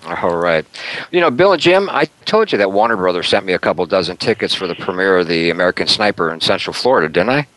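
A man's voice: deep voice, sing-song, fast, fairly bright tone, rough recording. Upbeat, chatty man hosting talk radio. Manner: chatty and upbeat, with frequent fillers and little laughs. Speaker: radio talk show host.

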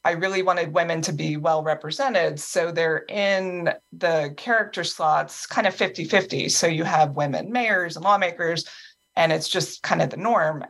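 A woman's voice: sits low, fairly bright tone. A woman writer explaining her craft in a friendly way, with some fillers. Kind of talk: discussion guest.

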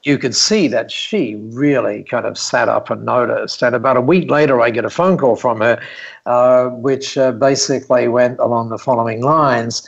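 A man's voice: mid-range voice, moderate pace, creaky, highs cut off. A man, a business mentor, telling a long personal story in casual conversation, rambling with many fillers and restarts.

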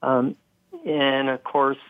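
Man, interview guest, gravelly, thoughtful and halting, dry tinny phone audio. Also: medium pitch, little pitch movement, no room sound. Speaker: guest, coach and former hospital executive.

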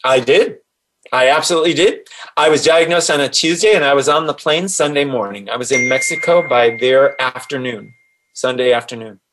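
Excited man telling his story. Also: mid-range voice, moderate pace, background noise. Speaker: guest, author. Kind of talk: personal storytelling.

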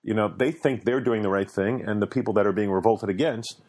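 A man's voice: on the low side, fairly quick, a little mellow. An American man hosting a talk radio show, rambling through a casual monologue with many fillers and restarts. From United States.

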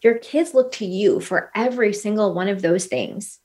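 A woman's voice: medium pitch, normal speed, darkish tone. A woman in her thirties, a podcast guest, talking earnestly and telling stories with lots of quoted dialogue. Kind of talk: casual podcast conversation.

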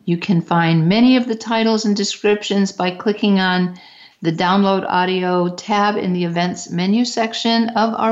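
A woman co-hosting a talk radio show, reading a scripted announcement in a smooth, even way. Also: lowish voice. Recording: dull lo-fi radio audio.

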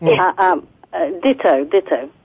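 A woman calling in to a radio interview, warm and laughing, hesitating with ums. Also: on the low side, lively intonation, a little slow, breathy edge. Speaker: surprise caller. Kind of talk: phone-in interview chat. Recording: dull, dry, lo-fi line.

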